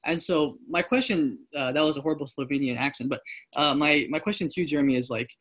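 Husky man asking long questions. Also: on the high side, fast, fairly bright tone. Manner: inquisitive, posing long questions. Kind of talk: casual group discussion.

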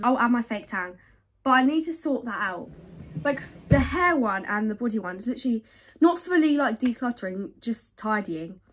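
A young woman with a fairly high voice chats away to her viewers while sorting her bedroom. She rambles and corrects herself mid-thought, in a loose, unscripted way. A faint hiss sits under her voice. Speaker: vlogger. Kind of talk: casual chat to camera.

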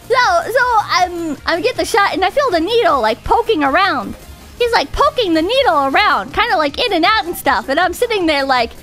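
Very high-pitched, lively woman streamer. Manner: rambling, profane, giggly, with frequent restarts. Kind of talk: casual livestream storytelling.

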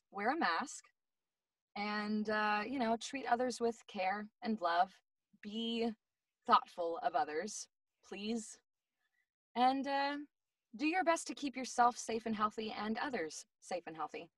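A woman's voice: on the high side, slow pace, a bit bright, no room sound. Bubbly, giggly woman guest. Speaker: voice actress guest. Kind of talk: casual interview chat. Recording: dry, slightly distant mic.

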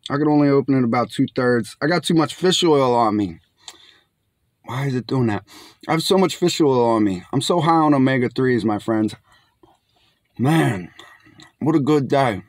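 A man's voice: medium pitch, animated, normal speed, long pauses, no room sound. Laid-back guy chatting outdoors. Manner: laid-back, chatty, calls viewers "my friends". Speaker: food reviewer. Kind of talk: casual outdoor food review vlog. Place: outdoors in bright sun.

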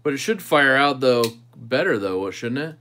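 A man's voice: medium pitch, lively intonation, moderate pace, sharp tone, slight background noise. A man hosting a knife channel livestream, chatting casually with viewers and thinking aloud while he tinkers with a knife.

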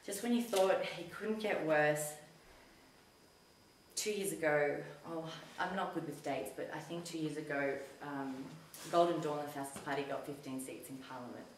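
A woman telling a personal story in a casual talk to an audience, chatty and animated when she quotes herself. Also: low-pitched, normal speed, a little hiss or hum. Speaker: community talk speaker. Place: community centre hall. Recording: echoey hall recorded from a distance.

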